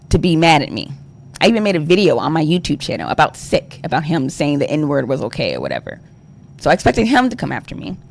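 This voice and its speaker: A man's voice: fairly high pitch, creaky. A young adult man talking on a livestream, exasperated and rambling, full of fillers and swearing. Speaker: streamer. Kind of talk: ranting livestream talk.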